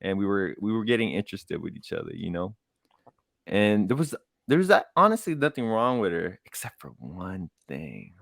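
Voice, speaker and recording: A man co-hosting a casual podcast, talking in an animated way, giggling often and trailing off mid-sentence. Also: low voice, moderate pace, creaky, no echo, clean studio sound. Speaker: podcast co-host. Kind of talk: casual chat.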